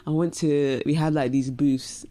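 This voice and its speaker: A woman's voice: low-pitched, unhurried, no echo. A woman co-hosting a podcast, telling stories in casual chat and laughing often. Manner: laughs often, animated storytelling. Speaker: podcast co-host.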